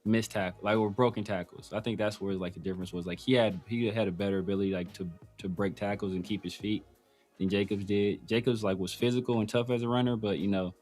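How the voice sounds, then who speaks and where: A man's voice: on the low side, fairly even intonation, quick pace, a little mellow, faint music behind. A man hosting a casual sports talk show, rambling with many restarts and fillers. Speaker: podcast host.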